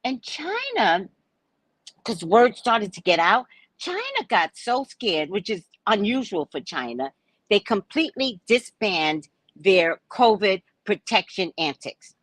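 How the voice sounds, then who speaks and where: A woman hosting a casual livestream, talking in an animated, theatrical way and acting out the people she quotes. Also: medium pitch, slow pace, dry recording. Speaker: psychic livestream host.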